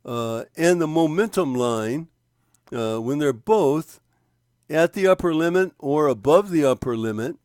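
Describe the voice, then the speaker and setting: Slow, halting man explaining charts. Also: on the high side, lively intonation, a little mellow, no echo, studio quality. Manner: slow, halting, many fillers and restarts, pointing at a chart. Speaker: trading instructor. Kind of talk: screen-share walkthrough of a trading indicator.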